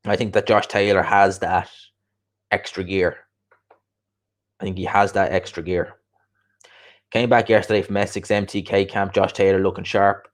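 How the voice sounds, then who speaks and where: A man's voice: deep voice, flat delivery, normal speed, pauses often. A man chatting casually as a boxing show host, opinionated and repeating his points for emphasis. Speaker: boxing show host reading viewer comments. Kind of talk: casual livestream chat.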